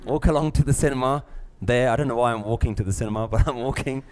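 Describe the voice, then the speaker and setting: A middle-aged man, teaching a live class, lively, acting out little scenes and laughing often. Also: mid-range voice, fast talker, clean tone. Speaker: spiritual teacher.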